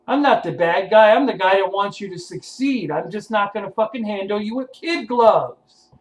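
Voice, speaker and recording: A man's voice: sits high, moderate pace, rough recording. A man giving a blunt, profane motivational rant to his viewers, confrontational and preachy. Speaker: vlogger.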